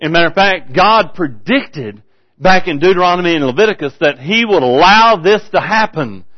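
A man's voice: high voice, lively intonation, normal speed, lo-fi sound. A man preaching in a folksy, conversational way, asking his audience rhetorical questions. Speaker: pastor. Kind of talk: folksy preaching, Bible study.

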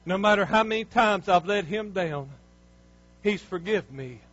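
A man preaching a sermon with fervor, swinging from near shouts down to low, quiet lines. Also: dry recording, highs cut off. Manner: fervent, rising to near shouts and dropping low. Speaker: pastor.

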